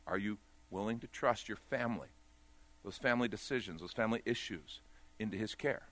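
A man preaching a sermon in a church service, rising to loud emphatic peaks and falling to quiet, pressing the congregation with direct questions. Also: lowish voice, brisk, no room sound. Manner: swells loud then drops to a hush, direct questions to the congregation. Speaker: pastor.

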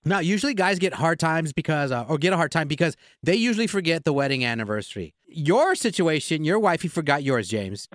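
A man's voice: fairly high pitch, big pitch swings, fairly quick, few pauses, no room sound, clean studio sound. A man hosting a morning radio show, chatty and emphatic. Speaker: radio host. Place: radio studio. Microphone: studio mic.

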